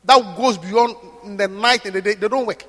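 High, lively preacher in an echoey hall. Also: male voice, moderate pace. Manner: emphatic, repeats questions to the congregation. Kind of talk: sermon with live interpretation.

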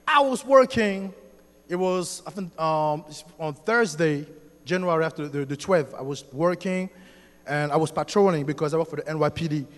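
French-accented guy telling his church testimony, high voice, lots of ums, big echoey hall. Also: normal speed. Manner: excited storytelling with many fillers and restarts. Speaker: church member giving a testimony. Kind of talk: spoken testimony to a congregation. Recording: long hall reverb.

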